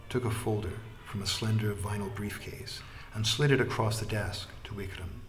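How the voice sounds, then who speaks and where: A man narrating an audiobook in a measured way, trailing into a breathy hush at phrase ends. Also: on the low side, fairly even intonation, slight background noise.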